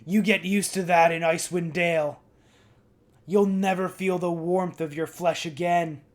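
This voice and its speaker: A man's voice: sits high, steady tone, unhurried. A man voicing a tavern bartender in a tabletop game, friendly but eerie, chuckling as he talks about the cold. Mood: welcoming.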